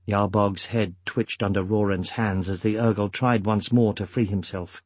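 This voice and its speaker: Male narrator, husky voice, dry close sound, measured audiobook reading. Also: on the low side, steady tone, a little mellow, dry recording. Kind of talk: scripted narration.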